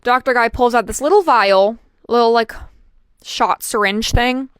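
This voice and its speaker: A young woman chatting casually as she tells a personal story, with lots of fillers and an animated delivery. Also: on the high side, measured pace, clean tone, no room sound, studio quality. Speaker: vlogger.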